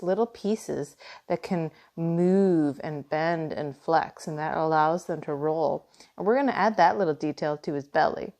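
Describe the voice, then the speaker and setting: Woman teaching a drawing lesson. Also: on the low side. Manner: gentle step-by-step instruction. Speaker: art teacher. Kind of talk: drawing tutorial.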